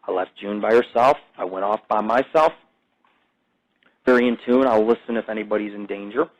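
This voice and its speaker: A man's voice: lowish voice, normal speed, highs cut off. A man hosting his own podcast, delivering a rambling, profane casual monologue that jumps between topics. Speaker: podcast host.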